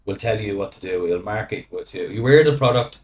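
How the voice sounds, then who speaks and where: A middle-aged man with an Irish accent rambles through a casual podcast chat, keeping the listener with him through constant "right?" and "you know". His voice sits fairly low, and a faint hiss runs underneath. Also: fairly quick. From Ireland. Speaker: guest.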